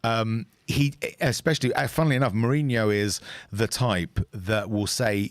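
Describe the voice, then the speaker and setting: Low-voiced guy co-hosting, keeps going "absolutely", dry close sound. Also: fairly even intonation, normal speed, dry recording. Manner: emphatic, enthusiastic agreement. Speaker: co-host. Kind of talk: casual fan show chat.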